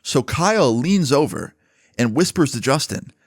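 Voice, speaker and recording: A man's voice: medium pitch, big pitch swings, moderate pace, no echo, studio quality. A man narrating a storytime in a casual, chatty way, swearing freely.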